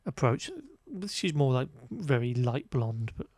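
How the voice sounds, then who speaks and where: A man's voice: mid-range voice, expressive, measured pace, a little mellow, no echo, studio quality. A man co-hosting a casual podcast, recapping a film in a wry, exasperated way with lots of fillers. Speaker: podcast co-host. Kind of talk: casual chat reviewing a film.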